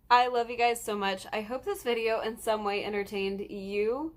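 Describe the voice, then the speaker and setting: A woman's voice: a little high, fairly even intonation, normal speed, few pauses. A nineteen-year-old woman vlogging, earnest and rambling with lots of ums, close to tears as she talks. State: tearful, close to crying. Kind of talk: emotional personal vlog.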